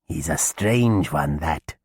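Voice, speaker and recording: Brief: male reader voicing a hungry undead hag from a storybook, croaking, very low and husky, slow menacing drawl. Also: expressive, no room sound, studio quality, heavily acted. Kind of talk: audiobook character voice.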